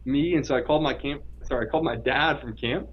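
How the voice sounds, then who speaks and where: A man's voice: mid-range voice, fast talker, slightly rough, dull audio. A man in his late twenties, a podcast guest, telling a personal testimony in an earnest, emphatic way. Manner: earnest, emphatic, vivid retelling.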